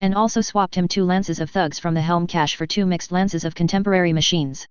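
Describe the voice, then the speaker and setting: A reader doing a calm amused officer. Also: medium pitch, a little fast, clear, resonant tone, dry recording, highs cut off, natural voice.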